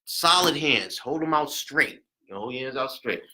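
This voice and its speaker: A man teaching a CPR class, chatty and rambling, counting compressions out loud and getting out of breath. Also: medium pitch, lively intonation, normal speed, rough recording. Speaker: CPR instructor. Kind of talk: hands-on class demonstration.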